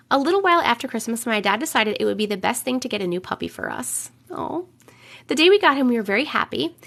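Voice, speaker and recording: A woman with a fairly high voice hosts a casual live stream from her room. She chats loosely with her viewers, swears in passing, and reads their strange stories aloud with plenty of her own reactions. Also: creaky, fairly bright tone. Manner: chatty, swears casually, laughs and reacts while reading. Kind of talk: casual live-stream chat and story reading. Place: home room, alone.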